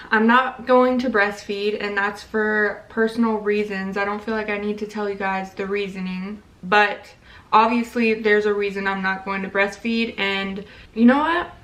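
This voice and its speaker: A woman's voice: medium pitch, a bit bright, distant mic, low-quality recording. A young woman, pregnant, talking casually through a makeup tutorial and a rant, blunt and profane. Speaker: beauty vlogger.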